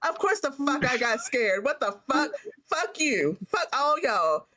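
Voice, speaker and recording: A woman co-hosting a casual podcast chat, telling stories in a brash, profane, animated way. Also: sits high, measured pace. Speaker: podcast co-host.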